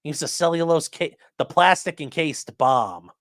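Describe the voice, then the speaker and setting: Here a man with a fairly high, fairly bright voice speaks at a measured pace, recorded cleanly in a studio with no echo. He runs a crime news livestream, talking bluntly and casually, swearing at times and reading viewer comments aloud.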